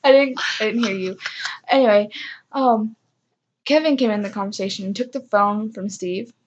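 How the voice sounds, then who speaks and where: A woman's voice: mid-range voice, normal speed, lo-fi sound, background noise. A young woman casually telling a personal story, self-mocking and acting out what others said. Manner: chatty, self-mocking, acts out quoted voices.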